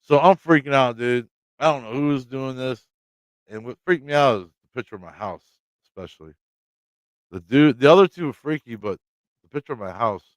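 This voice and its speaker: A man's voice: mid-range voice, fairly quick, no room sound. Laughing, swearing Midwestern guy. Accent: American Midwestern. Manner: rambling, swears freely, laughs often. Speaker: channel host talking to live chat. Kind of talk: casual storytelling on a livestream.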